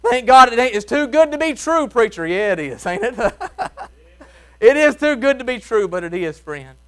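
A man with a Mississippi accent preaching a sermon in folksy Southern speech, shouting some phrases and dropping to a hush on others. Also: extremely high pitch, very animated, moderate pace, clean tone. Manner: swings from shouting to hushed, soft tones; folksy Southern grammar, chuckles while preaching. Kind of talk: revival sermon. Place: church.

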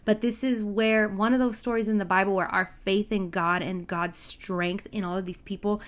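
A woman's voice: medium pitch, steady tone, normal speed. A woman casually retelling a Bible story, chatty and full of side comments and asides.

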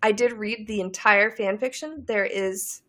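A woman co-hosting a podcast in casual chat, talking slowly and laughing often. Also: medium pitch, fairly even intonation, a bit bright. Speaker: podcast co-host.

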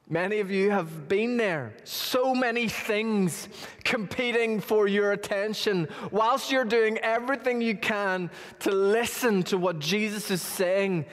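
A male pastor preaching a sermon, telling stories with lively emphasis, in a church hall. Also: sits high, unhurried. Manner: storytelling, rising to animated emphasis. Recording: long reverb of a large hall.

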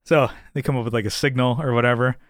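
A man's voice: fairly even intonation, quick pace, dry recording, studio quality. A man co-hosting a podcast, chatting casually about a TV episode, laughing and swearing as he goes. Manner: swears and laughs often, jumps into high-pitched voices when quoting. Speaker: podcast co-host. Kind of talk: casual chat recapping a TV episode.

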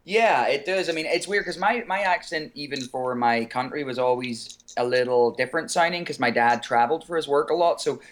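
A man's voice: medium pitch, brisk, few pauses. An Irish man, a singer calling in as a guest, chatting casually with frequent laughs and fillers. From Ireland. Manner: relaxed, laughs often, many fillers. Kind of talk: casual interview chat. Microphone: phone call.

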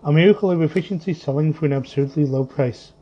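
A man reading a story aloud in a slow, vivid, measured way. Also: fairly high pitch. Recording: muffled lo-fi with faint music.

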